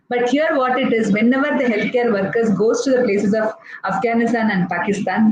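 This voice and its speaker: A woman's voice: a little high, a little mellow. A woman pediatrician from India with an Indian English accent, explaining step by step in a live talk, with many fillers and restarts. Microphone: live online session. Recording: echoey, dull lo-fi sound with faint noise.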